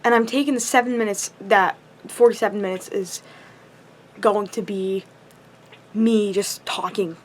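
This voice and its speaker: A woman's voice: medium pitch, fairly even intonation, measured pace, long pauses, slight background noise. A young woman ranting to camera, frustrated and impassioned, swearing heavily, tired late at night. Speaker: vlogger.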